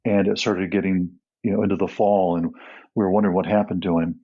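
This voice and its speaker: Middle-aged male guest, husky, earnest storyteller who restarts often, dull lo-fi sound. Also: sits low, fairly even intonation, a little fast. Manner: earnest, with frequent restarts and soft laughs. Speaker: guest, nonprofit co-founder. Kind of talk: storytelling in a podcast interview.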